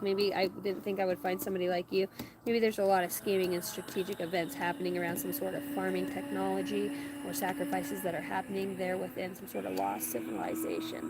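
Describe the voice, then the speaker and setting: A woman giving a rambling live tarot reading outdoors on rural land, stopping to talk to her dogs. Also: medium pitch. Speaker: tarot reader. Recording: loud outdoor background noise.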